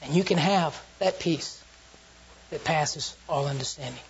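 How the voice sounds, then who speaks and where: Southern US preacher, husky, dull lo-fi recording, earnest sermon storytelling. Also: mid-range voice, measured pace. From Southern United States. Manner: storytelling and earnest, with sudden hushed and loud turns.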